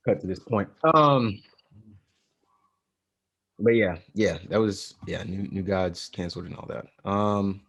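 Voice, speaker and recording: A man's voice: deep voice, measured pace, long pauses, a bit bright. A man co-hosting a podcast, running the segments and joking bluntly in slang. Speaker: podcast co-host. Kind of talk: casual chat.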